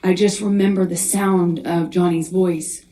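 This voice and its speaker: A woman in her thirties giving sworn testimony as a witness in a courtroom, speaking haltingly with frequent restarts. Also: on the low side, steady tone, warm tone, slight background noise. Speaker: trial witness.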